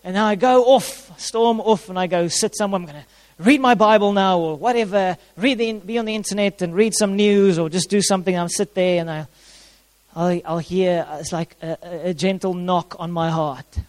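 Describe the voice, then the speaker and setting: A man's voice: high voice, moderate pace, darkish tone. A man preaching a sermon, repeating his key phrases for emphasis and showing props to his congregation. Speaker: pastor. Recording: long hall reverb.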